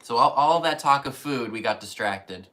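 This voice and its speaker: A man's voice: mid-range voice, animated, moderate pace, sharp tone. A man co-hosting a live stream, chatting casually and reacting with strong opinions. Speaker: co-host.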